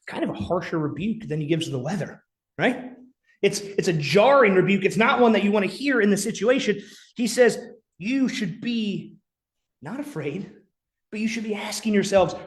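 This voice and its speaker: A man preaching a sermon as pastor, earnest, sometimes dropping to a near whisper for emphasis. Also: sits high. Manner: earnest preaching with dramatic quiet drops.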